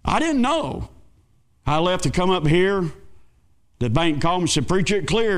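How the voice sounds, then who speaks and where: A male pastor, telling a folksy story in a sermon with dramatic swings between excited and hushed. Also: sits high, moderate pace.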